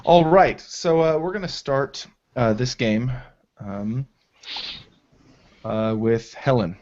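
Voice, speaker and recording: A man narrating as game master of a tabletop game, in a halting style full of fillers, on a dull lo-fi recording. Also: mid-range voice, darkish tone. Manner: slow, halting descriptive narration with many fillers.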